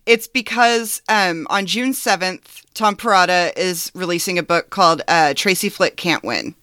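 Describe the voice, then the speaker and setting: A woman's voice: fairly low pitch, measured pace, bright, forceful tone, clean tone, dry recording, studio quality. A woman co-hosting a podcast, chatting earnestly about a film with lots of "like" and "um.". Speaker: podcast co-host. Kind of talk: casual chat about a film.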